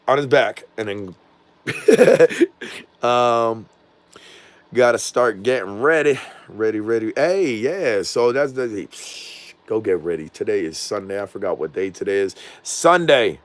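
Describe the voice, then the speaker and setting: A man's voice: lowish voice, no echo. A man casually vlogging from his home, rambling and losing his train of thought, with a slangy way of talking and a voice he says is off. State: says his voice is not normal. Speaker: drone vlogger. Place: at home indoors.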